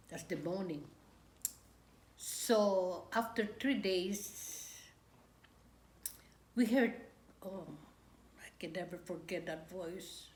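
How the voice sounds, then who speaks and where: Older lady, low-ish voice, slow and halting, echoey room w/ faint ambience behind. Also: slight background noise. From Philippines. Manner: halting, with restarts and long pauses. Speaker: grandmother recounting wartime memories. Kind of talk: oral history interview.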